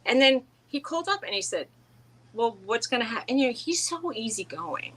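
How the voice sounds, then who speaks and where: A woman's voice: fairly high pitch, big pitch swings, fairly quick, fairly bright tone, husky, rough recording. A middle-aged woman co-hosting a casual chat, telling rambling stories with frequent restarts and laughs. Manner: rambling storyteller, laughs often, many restarts. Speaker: co-host.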